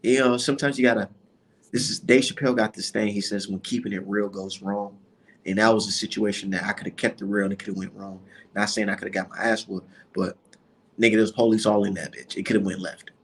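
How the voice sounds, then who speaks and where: A man, a boxing vlogger, telling a story in a casual rant that is animated, profane and full of slang. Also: lowish voice, fast, breathy edge.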